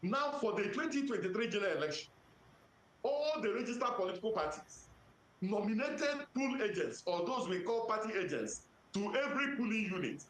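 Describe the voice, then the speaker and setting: A man with a Nigerian accent, an electoral commission official giving formal, measured answers to press questions and citing legal sections methodically. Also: high-pitched, sing-song, fairly bright tone. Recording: roomy echo.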